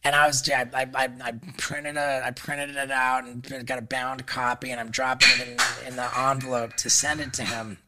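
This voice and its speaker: Podcast guest, man, bright edgy voice, halting and full of fillers, profane storyteller. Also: medium pitch, level tone. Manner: halting, stacks fillers and restarts; swears freely. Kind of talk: casual storytelling.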